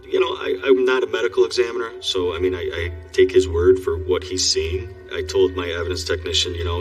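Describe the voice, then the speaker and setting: A man's voice: sits low, steady tone, fairly quick, few pauses, far from the mic, faint music behind. A man, a police investigator, speaking in a plain matter-of-fact way in an interview.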